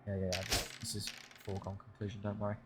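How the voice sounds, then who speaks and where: A man's voice: fairly low pitch, completely flat delivery, fast, heavy background noise. A young man commentating his own strategy game, talking to his units with wry frustration over a desk microphone. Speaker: gaming channel host. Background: game music.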